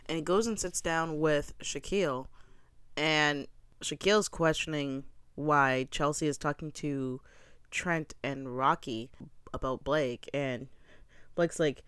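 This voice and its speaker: A young adult recaps a reality show in casual commentary, blunt and opinionated, with frequent swearing. The voice is smooth and clear. The sound is dry and close, with no room sound. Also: medium pitch, takes it slowly, fairly bright tone, no room sound.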